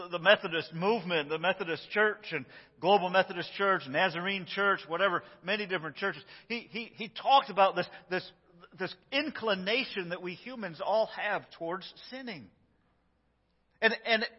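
High-voiced pastor preaching in a reverberant church. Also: male voice. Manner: storytelling, acts out quotes, chuckles often. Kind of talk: sermon. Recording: dull sound with long church reverb.

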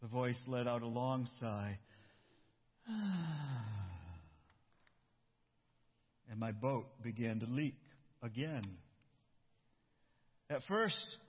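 A man pastor giving a sermon and reading a storybook aloud, with relaxed, self-interrupting asides. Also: mid-range voice, normal speed. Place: church. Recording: dull echoey church hall.

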